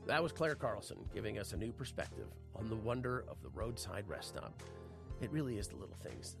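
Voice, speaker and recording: Folksy guy hosting a radio show, lowish voice, music playing under him. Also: sing-song, a little fast, vocal fry.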